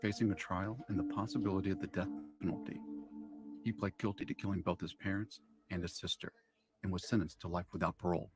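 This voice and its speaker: A man narrating a true-crime documentary in a measured, even way. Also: sits low.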